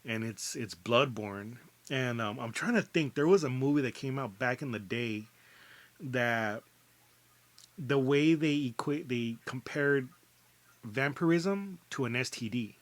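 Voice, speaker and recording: A man's voice: medium pitch, a little slow. Rambling, cursing male podcast co-host. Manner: rambling, swears a lot, many fillers and restarts. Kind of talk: casual chat.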